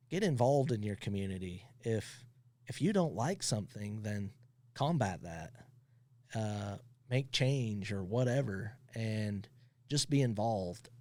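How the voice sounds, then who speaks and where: A man who owns a towing company, guesting on a podcast and telling funny stories in a casual, animated way, often laughing as he talks. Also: on the low side, no room sound. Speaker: tow truck company owner, podcast guest. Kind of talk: casual storytelling.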